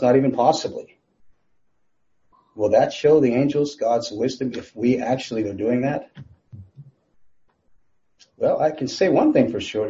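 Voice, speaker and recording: A man delivers a sermon in a mid-pitched voice, chatting with his congregation through rhetorical questions and light asides. The recording sounds a little dull and muffled. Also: warm tone. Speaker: pastor.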